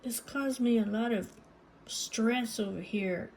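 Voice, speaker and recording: A woman giving a tarot reading, talking haltingly and searching for words, often phrasing what someone might say. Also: fairly high pitch, a little mellow, slight background noise, low-quality recording. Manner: speaks lines as if voicing someone else. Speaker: tarot reader.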